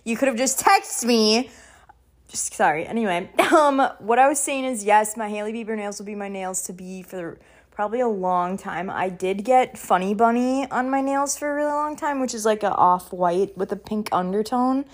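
A woman's voice: medium pitch, moderate pace. This is a young woman filming a casual catch-up vlog at home. She rambles, stacks up fillers and restarts, and often breaks into small laughs as she moves about packing. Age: young adult. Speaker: vlogger. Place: indoors at home, packing and moving around.

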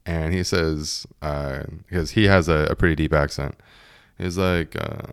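A man's voice: extremely low pitch, fairly even intonation, measured pace, clean tone, no echo, studio quality. A young man in his twenties casually telling a story, laughing often and acting out what his friends said.

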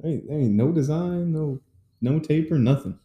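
A man's voice: fairly high pitch, lively intonation, a little slow, mellow, echoey room, lo-fi sound. A man joining a podcast as a guest, chatting playfully and laughing easily. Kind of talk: casual chat.

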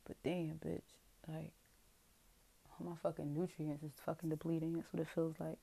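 A woman talking straight to her viewers in a rambling, profane, self-questioning confessional. Her voice is dark and gravelly with heavy vocal fry. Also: low-pitched, flat delivery, normal speed. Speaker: vlogger. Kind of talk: candid confessional monologue.

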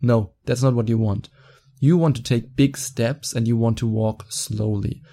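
A young man hosting a podcast, giving excited, fast-talking advice in a casual solo chat, quick to laugh. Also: mid-range voice, creaky. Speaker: podcast host.

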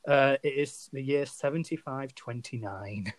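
A man's voice: mid-range voice, a little slow, no echo. A British man hosting a casual chat, quizzing and teasing his co-host and laughing easily. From Britain. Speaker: podcast co-host.

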